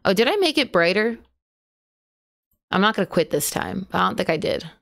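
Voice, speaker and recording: A woman's voice: medium pitch, big pitch swings, normal speed, gravelly, a bit bright. A woman streaming a horror game live, chatting to viewers, yelping at jump scares and swearing casually. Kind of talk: live horror gameplay commentary.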